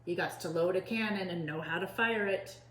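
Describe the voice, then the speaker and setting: A woman's voice: on the low side, moderate pace, a bit bright, echoey room, a little hiss or hum, natural voice. A woman voicing an impatient, bossy male pirate captain who bellows in pirate slang. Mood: gruff.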